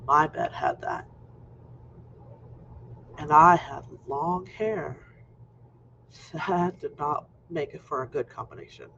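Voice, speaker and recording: A man in his fifties telling a personal story in an animated way, acting out scenes, in a muffled lo-fi recording. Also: a little high, slow pace, vocal fry, pauses often. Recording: muffled lo-fi recording with faint noise.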